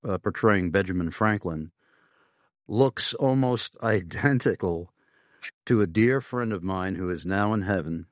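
A middle-aged man with a very low, rumbling voice hosts a faith-based interview. He speaks in a measured way and pauses often with "uh." The recording is dry and close. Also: no room sound. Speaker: pastor and podcast host. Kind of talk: conversational interview.

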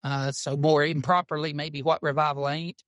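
A pastor, a man who talks in a folksy, drawling storytelling way. His voice sits somewhat high for a man, and the recording is dry and close with no room sound. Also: level tone, normal speed, fairly bright tone, dry recording. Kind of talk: casual podcast chat about church.

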